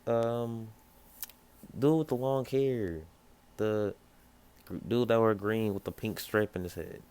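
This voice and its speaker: A young man casually telling a rambling, improvised fan story, full of fillers and quick bursts of other characters' voices. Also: darkish tone, clean tone. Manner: rambling, loose with fillers and "yada yada"; acts out other characters in brief pitch jumps.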